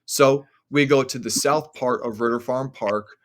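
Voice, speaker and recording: A man's voice: mid-range voice, steady tone, measured pace, fairly bright tone. A man who is a podcast guest, telling a story casually in rambling sentences full of "like" fillers. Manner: rambling, heavy use of "like" fillers.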